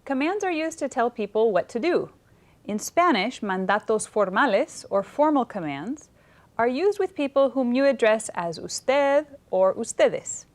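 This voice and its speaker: Lively woman co-teaching Spanish. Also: fairly high pitch, a little slow. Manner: responsive, repeats the words aloud. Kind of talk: bilingual classroom lesson. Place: college television studio.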